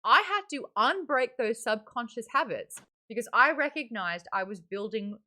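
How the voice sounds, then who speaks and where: An Australian woman hosting a live stream in a candid, chatty way. Her bright voice swings widely in pitch and is full of expression. She talks openly and adds small fillers along the way. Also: expressive, moderate pace. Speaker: streamer and book club host. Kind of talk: casual live-stream chat.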